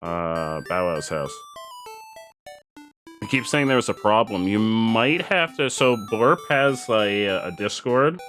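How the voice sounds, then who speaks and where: A male streamer chatting with viewers in a lively, up-and-down voice. He explains things casually and repeats himself as he goes, with faint music behind him. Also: fairly low pitch, slow. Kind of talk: casual live-stream chat while gaming.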